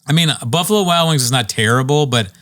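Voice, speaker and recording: A man's voice: a little high, animated, quick pace, fairly bright tone, no room sound, clean studio sound. A man hosting a comedy podcast, telling a story in a laid-back way, swearing casually and laughing along.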